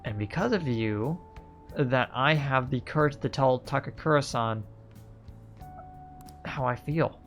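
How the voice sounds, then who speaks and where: Male streamer reading as a soft-spoken, earnest young heiress with an English accent; mid-range voice, polite and sincere. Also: medium pitch, unhurried, long pauses, soft background music, lightly acted. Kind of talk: reading game dialogue aloud.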